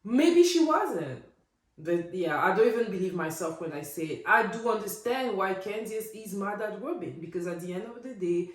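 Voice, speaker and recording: Opinionated woman vlogger in an echoey room. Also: fairly low pitch. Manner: opinionated, animated, rhetorical. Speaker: recap vlogger. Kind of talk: casual reality TV recap.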